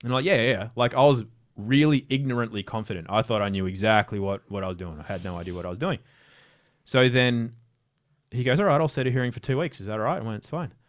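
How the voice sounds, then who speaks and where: A man's voice: medium pitch, fast. An Australian man, an interview guest, telling casual stories in a rambling way with many restarts. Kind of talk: casual storytelling.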